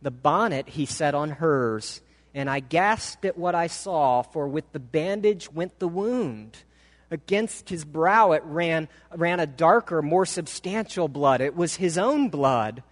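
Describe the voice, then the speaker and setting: Telling a story as part of a sermon, this preacher reads dramatically and with feeling, stretching phrases and pausing on purpose. His expressive voice sits fairly high for a man, and the church sanctuary's long hall reverb trails each word.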